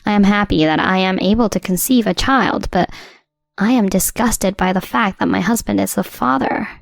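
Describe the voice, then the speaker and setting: A woman tells a scripted first-person story in an even, measured voice. The recording is dry and close. Soft music runs underneath. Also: medium pitch, creaky, dry recording. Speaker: narrator.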